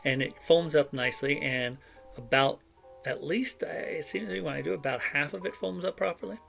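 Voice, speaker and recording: Gravelly man, sick with a cough, meandering casual chat, desk mic, faint music behind. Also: a little high, moderate pace, a bit bright. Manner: meandering, self-deprecating, many fillers. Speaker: vlogger. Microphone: desk microphone.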